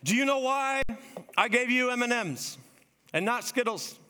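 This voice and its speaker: A man preaching a sermon with animated delivery, acting out God and his listeners in quoted asides. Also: very high-pitched, measured pace, clear, resonant tone. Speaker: pastor. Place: church hall. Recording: echoey hall with faint music.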